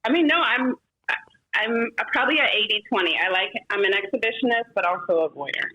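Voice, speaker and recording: A woman guest in a casual chat, blunt and playful, with a husky voice. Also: mid-range voice, a little fast, sharp tone, muffled recording. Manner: blunt and playful, swears freely.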